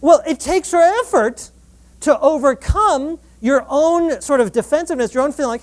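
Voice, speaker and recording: Animated woman lecturing a live crowd. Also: high-pitched, normal speed. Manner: animated, acts out quoted dialogue, frequent restarts. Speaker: relationship researcher giving a public talk. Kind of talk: lively public lecture. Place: live event before an audience.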